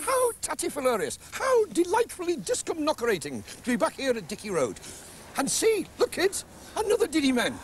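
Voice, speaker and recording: A man's voice: extremely high pitch, wildly swooping pitch, fairly quick, a little hiss or hum, voice pushed up, heavily acted. A man putting on a gleeful comic character's voice, exclaiming invented nonsense words.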